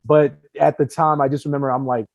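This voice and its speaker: A young adult man, a guest actor, chatting casually and telling stories in an animated, talkative way. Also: a little high, fast talker, dry recording, poor audio. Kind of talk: casual podcast chat.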